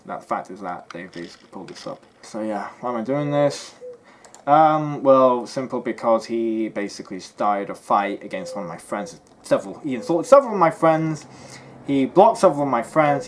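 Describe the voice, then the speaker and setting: A young man, a YouTuber, in a heated and defensive rant to camera, swearing and swinging between loud outbursts and low mutters.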